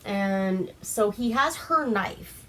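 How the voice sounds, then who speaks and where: A woman's voice: mid-range voice, lively intonation, slow pace, fairly bright tone. Young woman from Alaska, mid-range voice, chatty and giggly, a little tipsy; light room hiss behind. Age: young adult. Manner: chatty and giggly, full of "like" and "um" fillers. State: tipsy from wine. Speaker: vlog host. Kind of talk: casual movie recap.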